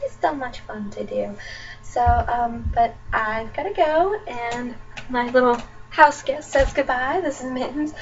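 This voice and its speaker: A woman's voice: fairly high pitch, a little slow. A young woman from Nebraska chatting casually as a book vlogger, talking in a chatty, ranting way with lots of fillers. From Nebraska, USA. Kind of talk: casual chat. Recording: distant dull webcam audio with faint noise.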